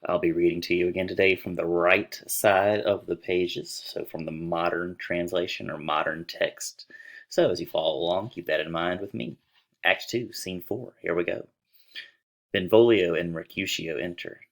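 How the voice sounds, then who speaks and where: A man's voice: low-pitched, normal speed, gravelly. A man reading a play aloud, performing every part himself. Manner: reads all roles in a lively, raised voice, with laughs. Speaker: reader.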